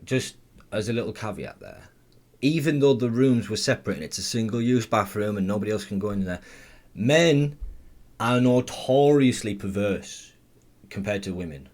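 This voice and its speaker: A man's voice: fairly low pitch, expressive, moderate pace, a little mellow. A man giving blunt, profane, sarcastic running commentary. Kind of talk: ranting commentary.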